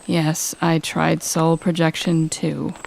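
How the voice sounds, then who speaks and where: A woman's voice: low voice, completely flat delivery, takes it slowly, creaky, darkish tone, a little hiss or hum, exaggerated voice. A woman as a cold, sardonic demon lord. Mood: grudging. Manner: curt, cutting and sarcastic. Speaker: audio role-play performer. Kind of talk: audio role-play.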